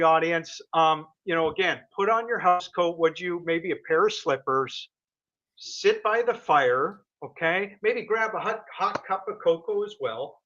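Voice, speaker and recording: Bright, effusive male guest on lo-fi audio. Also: high-pitched. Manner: effusive, speechifying. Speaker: panel guest. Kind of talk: casual livestream chat. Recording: dull lo-fi call audio.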